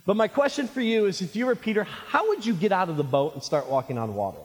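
A male pastor preaching a sermon, animated and jokey, calling his listeners friends. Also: high voice, quick pace. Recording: reverberant hall.

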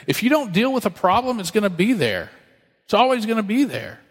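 High-voiced pastor preaching in a reverberant hall. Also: male voice, big pitch swings, fairly quick. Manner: conversational, joking asides. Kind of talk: sermon.

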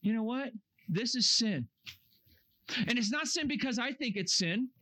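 A man preaching a sermon to young campers, earnest and animated, acting out excuses in a raised voice. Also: very high-pitched, measured pace, long pauses. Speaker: camp speaker. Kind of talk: youth camp sermon. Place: camp meeting room.

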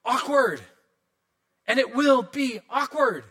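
Bright, high-voiced man preaching a sermon. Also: takes it slowly. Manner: animated storytelling with comic asides. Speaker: pastor.

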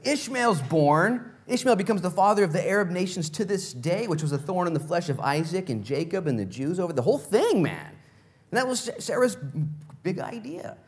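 A pastor preaches a sermon in an animated, playful way, telling stories in acted-out voices and putting direct questions to the congregation. His voice sits high, and he moves at a moderate pace.

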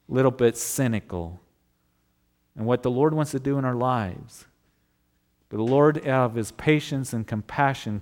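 A man's voice: fairly low pitch, darkish tone. A male pastor preaching a sermon in a conversational way, asking his listeners rhetorical questions.

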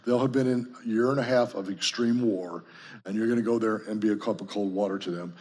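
A man's voice: on the low side, quick pace, a little mellow, breathy edge. A man preaching earnestly to a group, telling personal stories. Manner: storytelling, earnest. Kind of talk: sermon to a group.

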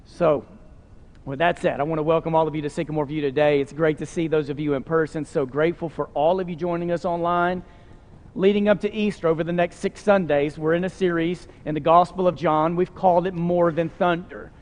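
A man's voice: on the high side, steady tone, a little fast. A man preaching a sermon as a pastor, in an earnest, conversational way with frequent fillers. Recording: long hall reverb.

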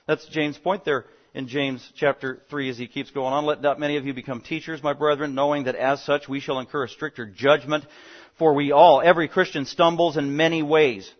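A man preaching an expository sermon, animated and fast-talking, swinging between loud emphasis and quiet asides. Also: a little high. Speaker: pastor. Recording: dull lo-fi sound.

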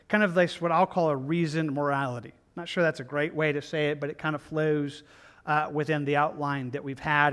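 A man's voice: a little high, fairly bright tone. A man preaching a Bible study sermon in an easygoing, conversational way, often repeating himself and restarting his sentences. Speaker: pastor.

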